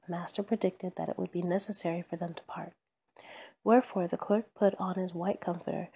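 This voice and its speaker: A woman reading a classic story aloud at bedtime, calm and measured. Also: lowish voice, gravelly, husky.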